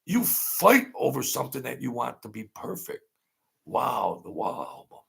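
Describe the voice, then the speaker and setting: A man hosting an unscripted live-stream chat, rambling and animated, laughing often as he talks. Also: mid-range voice, normal speed, creaky, slightly rough. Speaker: channel host.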